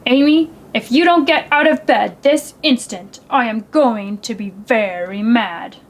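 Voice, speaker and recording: A woman's voice: on the high side, measured pace. A woman voicing a stern, busy father in a children's story. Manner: stern, firm.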